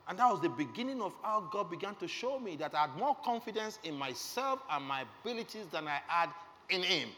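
A middle-aged man preaching his testimony with earnest emotion, his voice a touch higher than most men's and rising and falling widely. He sounds as if he is in a big hall with a long echo trailing behind his words. A faint noise sits under the recording. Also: big pitch swings, fairly quick, pushed and bright. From Nigeria. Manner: earnest, emotional storytelling, asks the audience questions. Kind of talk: sermon testimony.

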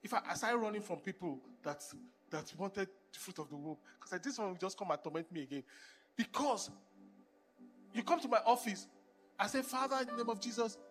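A man preaching a sermon with sung worship, impassioned, swinging between hushed and loud lines. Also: sits high. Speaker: pastor.

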